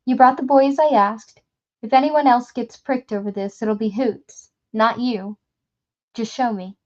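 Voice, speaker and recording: A woman voicing a cold male gang leader who speaks in a soft, thick, menacing voice. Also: extremely high pitch, fairly even intonation, a little slow, highs cut off.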